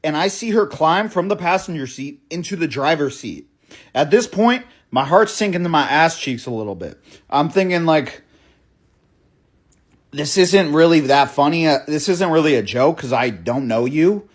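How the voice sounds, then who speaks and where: A young man tells a story in an excited, breathless rush, restarting his sentences as he goes. His voice sits a little higher than most men's. He swears freely and keeps checking in with the listener. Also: moderate pace. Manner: casual, profane, keeps asking "right?" and saying "bro". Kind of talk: storytime monologue.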